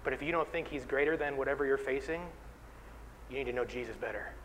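This is a man pastor preaching to his congregation with earnest, direct appeals. His voice sits at an ordinary middle pitch, and a faint hum runs behind it. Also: quick pace, fairly bright tone, rough recording. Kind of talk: sermon.

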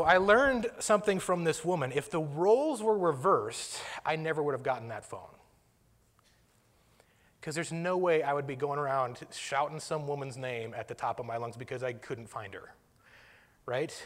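A man's voice: a little high, a bit bright, long reverb tail. A man casually telling a personal story, self-deprecating, chuckling and restarting his sentences.

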